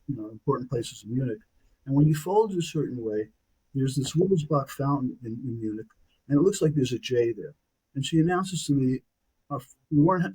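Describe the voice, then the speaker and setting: A man in his sixties with a New York accent tells a long personal story as a podcast guest. His voice is dark and slightly husky, and he keeps up an animated, anecdotal rhythm, checking in with the listener with "okay?". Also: mid-range voice, rough recording. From Brooklyn, New York.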